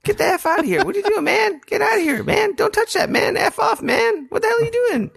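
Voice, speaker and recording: A squealing, whiny cartoon teen boy yelling at someone, very high and dry. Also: sing-song, fast talker, gravelly, no echo, exaggerated voice. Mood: yelling annoyed. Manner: yelling, swearing, annoyed.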